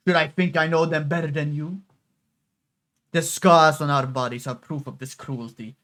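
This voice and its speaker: A man's voice: fairly high pitch, pushed and bright, full character voice. A man voicing a young actress playing a grieving, defiant heiress, in a dramatic mock Italian accent, reading a game story aloud. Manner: dramatic, declamatory.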